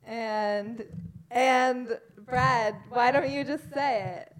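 A woman's voice: fairly high pitch, steady tone, very slow. A woman DJ chatting casually on air, giggly and slightly slurring her words. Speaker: radio DJ. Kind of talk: casual radio chat.

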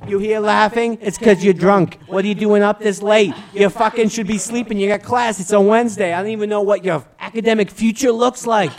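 A man doing improvised comedy rap banter, loud and hyped, shouting announcements. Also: sits high, steady tone, brisk, hardly any pauses, a little hiss or hum. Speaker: comedy rapper and hype man. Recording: music playing behind.

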